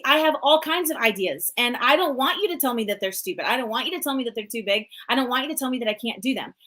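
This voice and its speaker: A woman in her forties hosting a live motivational talk show, energetic and chatty, full of "like" and "you know". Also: fairly high pitch, poor audio. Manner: energetic, chatty, many fillers. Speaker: host and coach.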